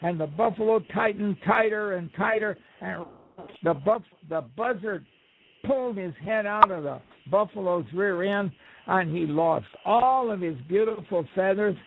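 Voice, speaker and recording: A man's voice: high-pitched, measured pace, vocal fry, a little hiss or hum. Man telling a folk tale over the phone. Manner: loose, rambling storytelling with asides. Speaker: radio show guest. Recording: tinny phone line on radio.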